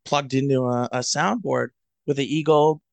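A man from Cleveland chatting as a podcast co-host, telling a rambling, self-mocking story into a headset boom mic. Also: steady tone, normal speed, vocal fry, no room sound. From Cleveland, USA. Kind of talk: casual storytelling chat.

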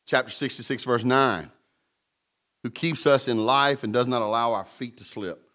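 A man's voice: mid-range voice, normal speed, a bit bright. A man pastor preaching a sermon in a conversational way, with humorous stories and asides between scripture readings.

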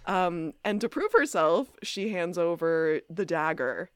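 Chatty woman podcaster, low voice. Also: animated, a little slow, clear, resonant tone, no echo, clean studio sound. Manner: chatty, acts out quotes, laughs often. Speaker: podcast co-host. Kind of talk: casual chat recapping a TV episode.

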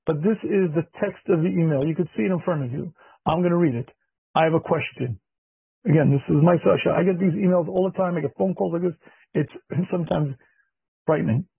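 A man teaching a marriage class as a rabbi, husky and throat-clearing, emphatic, repeating key lines and acting out conversations, recorded with a thin, phone-like sound. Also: on the high side, fairly quick, dry recording. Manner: emphatic, repeats key phrases, acts out dialogue. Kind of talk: lecture.

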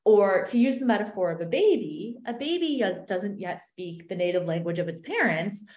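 A woman coach explaining an exercise in an animated podcast chat, acting out little voices in her examples. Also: medium pitch, normal speed. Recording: roomy echo.

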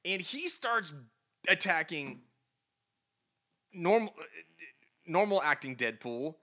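A man's voice: sits high, very animated, takes it slowly, pushed and bright. A man co-hosting a podcast, chatting casually about comic books and reading the dialogue aloud with lots of laughter. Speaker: podcast co-host. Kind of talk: casual comic book review chat.

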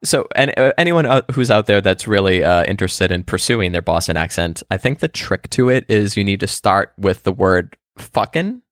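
A man with a low voice co-hosting a podcast, thinking out loud with halting, stumbling restarts. The sound is dry and up close. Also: lively intonation, dry recording. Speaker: podcast co-host. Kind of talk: casual chat.

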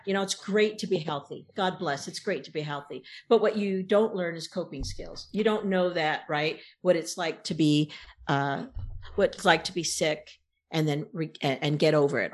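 Animated, rambling woman. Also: low-pitched. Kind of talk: casual conversation.

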